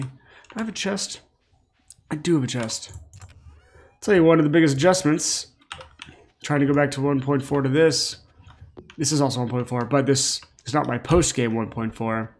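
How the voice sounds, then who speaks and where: A tired man talks over a relaxed video game playthrough as the host. He is sassy and rambling, with joking asides, and his voice sits at an average pitch. Faint noise is heard behind him. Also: moderate pace, long pauses. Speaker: let's play host. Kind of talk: relaxed gameplay commentary.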